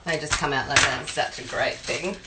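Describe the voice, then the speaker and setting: A woman's voice: low voice, steady tone, fairly quick, roomy sound, very noisy. An Australian woman who cooks for a living, telling long rambling stories while she makes a pie. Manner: rambling storyteller, talks while cooking. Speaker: home cook and private chef. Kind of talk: chatty cooking demo with anecdotes.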